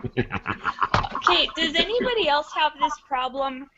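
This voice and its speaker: A woman's voice: sits high, sing-song, takes it slowly, very noisy. A woman co-hosting a casual webcast chat in an offhand, chatty way. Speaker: co-host. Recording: dull lo-fi audio.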